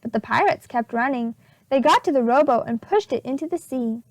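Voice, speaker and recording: Preschool teacher, female, expressive read-aloud voice, swooping high tones. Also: dry recording. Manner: slow, expressive storybook reading. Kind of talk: reading a chapter book aloud to children.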